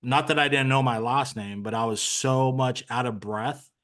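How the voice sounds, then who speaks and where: A man's voice: mid-range voice, moderate pace, fairly bright tone. A man speaking as an interview guest, telling his story in an earnest, conversational way with plenty of fillers. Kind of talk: candid personal story.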